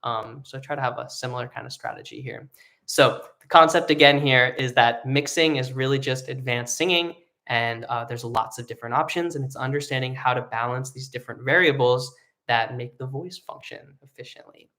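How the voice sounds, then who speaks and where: A man's voice: mid-range voice, a little fast. Man teaching singing, live and casual. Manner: relaxed explaining with many fillers, breaking into sung vocal demos. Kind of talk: live online vocal lesson.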